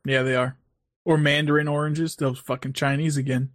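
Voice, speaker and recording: A man's voice: a little high, flat delivery, moderate pace, no room sound. A man co-hosting a casual podcast chat, tossing in dry quips and laughing along. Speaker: podcast co-host.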